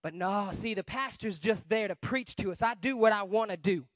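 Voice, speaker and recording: A man preaching a guest sermon with emphasis, swinging between shouting and quiet asides. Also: sits high, normal speed, no echo.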